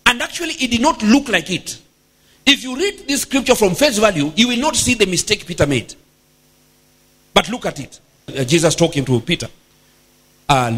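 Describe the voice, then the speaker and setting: A male bishop preaches with an emphatic, exclamatory delivery, dropping in bursts of praise between points. His voice is high for a man and swings widely in pitch. There is a husky grain to it. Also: fairly bright tone. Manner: emphatic, exclamatory, frequent hallelujahs. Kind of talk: sermon.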